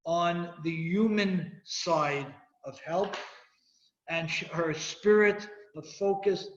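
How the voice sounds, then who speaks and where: A man teaching a Torah class as a rabbi. He reads Hebrew verses, explains them and questions his students. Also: high voice. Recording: echoey room, dull lo-fi sound.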